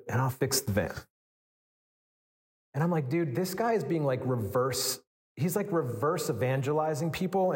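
Man preaching in a reverberant hall. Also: mid-range voice. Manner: conversational and animated, many fillers and restarts. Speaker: pastor. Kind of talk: sermon storytelling.

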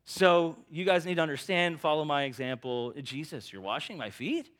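A man preaching a sermon voices an impulsive, overconfident male apostle in a raised, excited, protesting tone. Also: on the high side, moderate pace. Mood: boastful. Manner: excited, protesting, eager to pass the test.

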